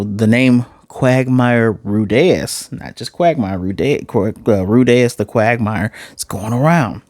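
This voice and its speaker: Male anime reviewer, casual recap, animated, mid-pitched voice, dry sound. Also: no echo. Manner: animated, acts out quotes, uses "y'all" and fillers.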